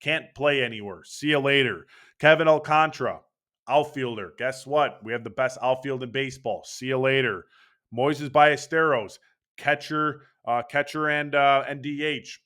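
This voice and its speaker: A man's voice: mid-range voice, moderate pace, bright, forceful tone. A young man hosting a casual sports opinion monologue, brash and profane, talking with hyped energy. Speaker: baseball channel host.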